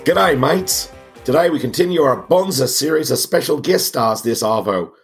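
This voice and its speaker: A man's voice: mid-range voice, animated, normal speed, soft background music, voice pushed up. A man putting on a hammy fake Aussie bloke. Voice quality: raspy from a cold. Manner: over-the-top, joking slang.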